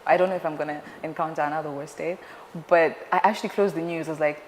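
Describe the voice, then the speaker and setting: A young woman tells stories as an interview guest, chatty and playful. Her voice sits a touch low. The room rings with a long reverb, and a faint hiss lies under it. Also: quick pace. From Zimbabwe. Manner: chatty and playful, animated storytelling. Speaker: guest, news anchor. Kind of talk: casual interview chat.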